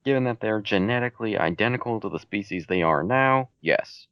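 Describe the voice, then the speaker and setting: A man's voice: fairly low pitch, expressive, fairly quick, no echo. A man answering reader questions about his fan fiction in a casual, laid-back Q&A chat, with dry, matter-of-fact answers. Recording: dull home mic recording.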